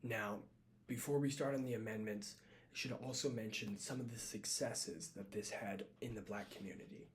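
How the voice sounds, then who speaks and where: A man giving a read-aloud class presentation, reading from a script with small slips and quick self-corrections. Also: on the low side, steady tone, a little hiss or hum.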